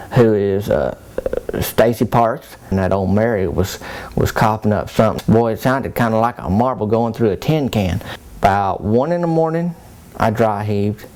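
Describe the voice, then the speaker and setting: A man's voice: on the low side, dark tone. Folksy man telling a tale. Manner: folksy drawling Southern country talk. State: soaked and cold. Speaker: comedic character monologue. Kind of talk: rambling small-town storytelling.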